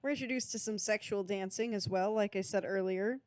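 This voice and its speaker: A woman's voice: mid-range voice, a little fast, a little mellow, clear, resonant tone, dry recording. A young woman co-hosting a podcast, chatting playfully and enthusiastically about a movie with plenty of joking. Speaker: podcast co-host. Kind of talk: casual chat about a movie.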